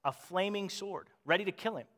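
A man's voice: high voice, fairly quick, fairly bright tone. A man preaching a sermon as pastor, earnestly asking the congregation questions. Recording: long hall reverb.

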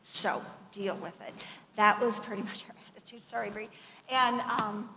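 A middle-aged woman preaching a sermon in a conversational, animated way, with asides and acted-out quotes. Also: medium pitch, normal speed. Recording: long hall reverb, faint background noise.

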